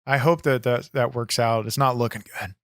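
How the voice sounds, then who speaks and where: A man's voice: medium pitch, fairly even intonation, moderate pace, no room sound, clean studio sound. A man hosting a comedy wrestling podcast, talking brashly and swearing freely. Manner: brash, swears freely, hard-selling promo tone. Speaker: podcast host.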